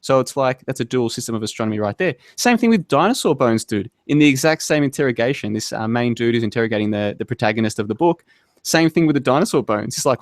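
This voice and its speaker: A man's voice: medium pitch, animated, quick pace, no echo. Argumentative man in a dry online chat. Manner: argumentative, rambling, keeps asking "right?". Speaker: podcast guest. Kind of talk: casual online debate chat.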